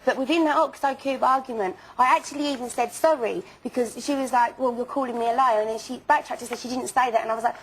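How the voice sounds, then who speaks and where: Young woman, husky, keeps repeating herself, defensive interview answers. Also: fairly high pitch, fast talker, few pauses, low-quality recording. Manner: stammering, repeats words, emphatic denials. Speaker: interview guest.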